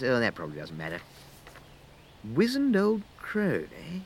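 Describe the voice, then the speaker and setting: A man's voice: medium pitch, huge pitch swings, measured pace, creaky, long pauses, husky. A man narrating a comic audio sketch, bumbling and chatty, talking to listeners as his friends.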